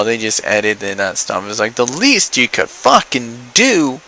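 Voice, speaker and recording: Young guy venting on his vlog, bright tone, sarcastic and sweary, bit of faint noise. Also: mid-range voice, sing-song, slow, rough recording. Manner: exasperated, profane, sarcastic. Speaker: vlogger. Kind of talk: ranting opinion vlog.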